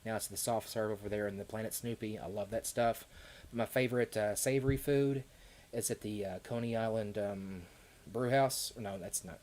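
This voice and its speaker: A man's voice: lowish voice, normal speed, a little mellow. A man with a Kentucky accent chatting casually with viewers on a live stream, rambling with frequent laughs and fillers.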